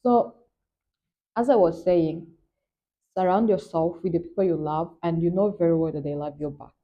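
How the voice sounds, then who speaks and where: A woman's voice: fairly low pitch, moderate pace, muffled recording. A young Nigerian woman with a Nigerian accent, talking earnestly and emphatically in a personal vlog. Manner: earnest, emphatic, repeats "trust me". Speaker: vlogger. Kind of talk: candid personal vlog talk.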